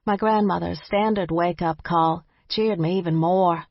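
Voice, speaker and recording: A woman reads a first-person audiobook in a measured, wry storytelling manner. Her voice is husky and a bit low. The recording is dry and slightly muffled. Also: steady tone, dry recording. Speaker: audiobook narrator. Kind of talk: first-person scripted narration.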